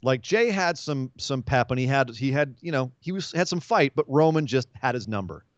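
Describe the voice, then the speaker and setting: A man hosting a wrestling podcast, giving an animated, casual recap and acting out quotes as he tells it. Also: mid-range voice, moderate pace, dry recording, highs cut off.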